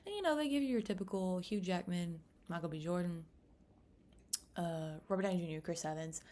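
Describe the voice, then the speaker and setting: A young woman from the United States chatting casually to camera in a rambling, animated way. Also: fairly low pitch, a little fast. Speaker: vlogger.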